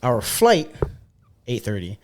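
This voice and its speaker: A man's voice: mid-range voice, slow, slight background noise. Profane young man telling bar stories. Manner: loose, profane, animated storytelling. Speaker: podcast host, bartender. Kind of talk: casual storytelling chat.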